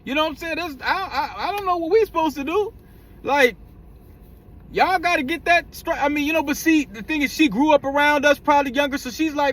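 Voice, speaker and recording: High-voiced rambling male vlogger. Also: brisk, fairly bright tone. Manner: rambling, slangy, stumbles and repeats words. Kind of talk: casual vlog commentary.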